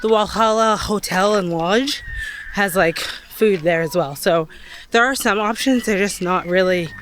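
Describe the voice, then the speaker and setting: A woman's voice: on the low side, measured pace, a little hiss or hum. A young woman narrating a casual travel vlog while walking around outdoors, chatty and rambling. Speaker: travel vlogger. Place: outdoors on a day trip, walking.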